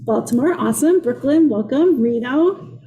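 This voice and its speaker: A woman's voice: high-pitched, animated, normal speed, mellow, echoey room. A woman with a Minnesota accent teaching a live online cooking class from her kitchen, chatty and upbeat as she greets viewers. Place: kitchen workspace.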